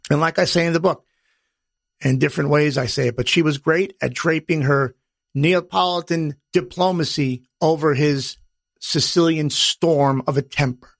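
A middle-aged man hosts a podcast in a blunt, profane wise-guy manner. His voice sits high for a man and has a gravelly rasp. The sound is dry and close to the mic. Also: moderate pace, no echo. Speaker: podcast host. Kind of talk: personal podcast monologue.

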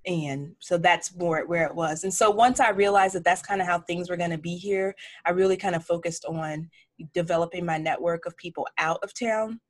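A woman's voice: fairly low pitch, moderate pace. A woman of forty, a chef, telling stories frankly in a casual interview and acting out what people said. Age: 40s. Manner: frank, animated storytelling with acted-out quotes. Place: home office lined with cookbooks.

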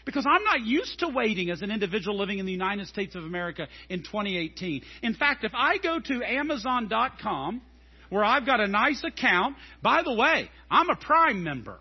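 A middle-aged man preaching a sermon as a pastor, animated and telling stories. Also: sits high, fairly quick, husky, dull audio. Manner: animated and storytelling, acting out scenes.

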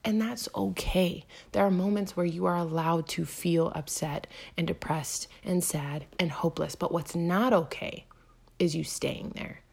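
A woman in her thirties giving an earnest, direct self-help talk, often dropping to a soft whisper to stress a point. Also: on the low side, steady tone, a little slow, gravelly, slightly rough. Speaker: motivational podcast host.

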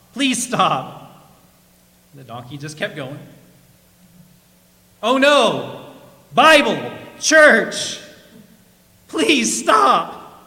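A man's voice: high voice, bright, forceful tone. A male pastor giving a chatty sermon with humorous stories, laughing at his own jokes, in a church. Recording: echoey church hall.

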